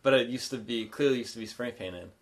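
A man's voice: mid-range voice, fast. A man co-hosting a comedy podcast, telling a casual story in a meandering, self-correcting way. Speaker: podcast co-host.

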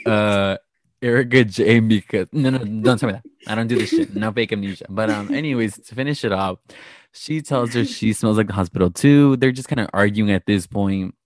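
Man, podcast co-host, animated recap voice, dry close sound, acts out quotes. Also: fairly low pitch, brisk, dry recording. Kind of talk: casual reality TV recap chat.

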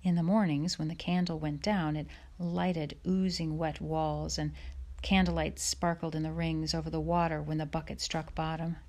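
A woman narrating an audiobook chapter in a measured, soft storytelling manner. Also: low voice, flat delivery. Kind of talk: audiobook reading.

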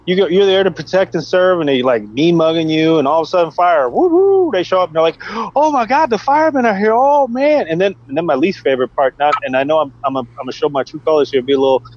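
Lively ex-cop telling stories, dull audio. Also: male voice, very fast, hardly any pauses. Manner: animated storytelling, acts out quotes in a high voice. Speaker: guest, former police officer. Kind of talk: casual podcast chat. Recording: dull, dry podcast audio.

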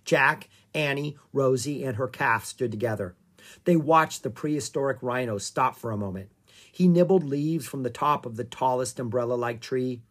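An audiobook narrator reading a children's story aloud in a calm, expressive way. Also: mid-range voice, moderate pace.

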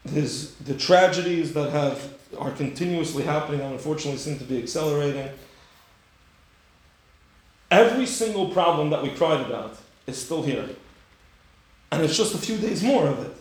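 A man teaching a Torah class with rhetorical questions, his voice a touch high for a man. He acts out the story with sudden high, loud bursts. The room is strongly echoey. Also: animated, moderate pace, long pauses. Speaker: rabbi giving a class.

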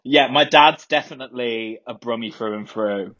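A man's voice: medium pitch, moderate pace, highs cut off. A man from Birmingham with a light Birmingham accent, chatting casually as a guest and laughing often. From Birmingham, England. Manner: laughs often, relaxed and joking. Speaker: drag performer guest. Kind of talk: casual chat.

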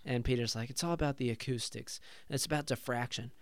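A man in casual chat, relaxed, retelling movie scenes and quoting the dialogue. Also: mid-range voice, brisk, no room sound. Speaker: movie discussion co-host.

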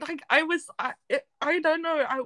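A woman's voice: high voice, steady tone, moderate pace, bright, forceful tone, a little hiss or hum. A woman co-hosting a podcast, reacting with teasing remarks in casual chat. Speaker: podcast co-host.

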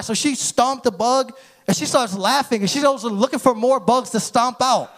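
A pastor in his thirties preaches with fervor, his voice sitting unusually high for a man. He calls out to the congregation and climbs into shouts at his peaks. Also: a little fast. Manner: energetic preaching, rising to shouts. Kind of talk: sermon.

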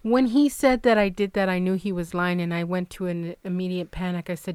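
A woman's voice: fairly low pitch, brisk, few pauses, clear, resonant tone, dry recording. A woman on a podcast, retelling a fight with heat and plenty of swearing in casual chat. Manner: heated, profane, animated retelling. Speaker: podcast co-host.

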